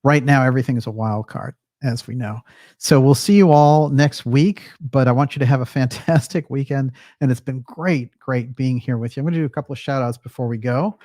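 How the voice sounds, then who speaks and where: A man's voice: medium pitch, fairly quick, dark tone, no echo, studio quality. A man hosting a livestream, chatting casually and reading out viewer comments, with frequent fillers. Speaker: livestream host.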